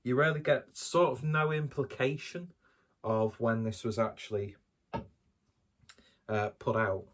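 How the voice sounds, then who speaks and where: A man's voice: mid-range voice, level tone, measured pace, long pauses. A man doing a casual solo beer review, talking in a rambling, hesitant and self-deprecating way.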